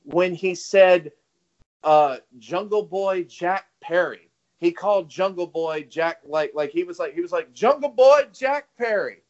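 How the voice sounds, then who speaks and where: A man's voice: high voice, steady tone, unhurried, darkish tone. A man co-hosting a casual wrestling podcast, rambling, swearing and laughing as he retells what others said. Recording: dull lo-fi audio.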